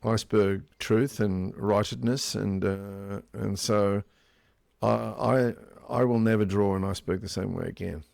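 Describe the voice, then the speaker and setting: Low-voiced relaxed man co-host. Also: a little slow, creaky, dry recording, studio quality. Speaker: podcast co-host. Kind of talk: casual chat.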